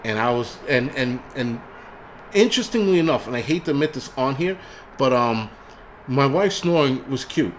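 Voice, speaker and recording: A man's voice: medium pitch, animated, normal speed, slight background noise. Profane rambling man on a livestream. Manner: profane, rambling, frequent restarts. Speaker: livestream host. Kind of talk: casual livestream rant.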